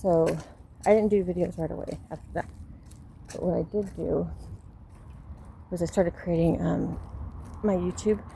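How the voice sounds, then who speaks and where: A woman's voice: on the low side, fairly even intonation, unhurried, gravelly, long pauses, warm tone, a little hiss or hum. A middle-aged woman with a Southern Californian accent, talking candidly and rambling while she walks her dog outdoors, recorded on a phone. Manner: candid, rambling, restarts often. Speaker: vlogger. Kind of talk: casual personal talk while walking a dog. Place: outdoors on a street. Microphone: phone held while walking.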